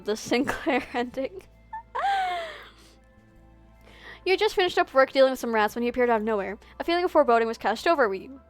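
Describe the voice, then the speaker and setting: A woman streamer races through a visual novel aloud, breaking off for giggles and chatty asides. Her voice sits a bit high and moves quickly, with faint game music underneath.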